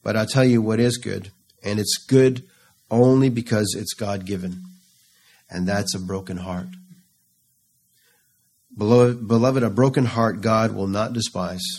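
A man preaches in a low, unhurried voice, reading scripture aloud. He builds into fervent, pleading passages as he quotes the psalms. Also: fairly even intonation, a little mellow. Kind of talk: sermon.

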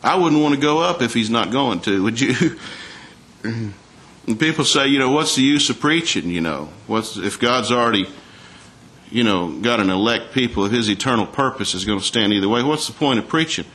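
A man preaching a sermon at a middling pitch. He talks in a folksy, conversational way, reads scripture aloud and often turns to the congregation with a question. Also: expressive, moderate pace, fairly bright tone.

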